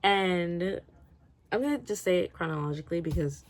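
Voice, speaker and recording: A woman's voice: on the low side, lively intonation, moderate pace, slight background noise. A woman giving a casual, rambling rant review, swearing freely and laughing often. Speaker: book reviewer.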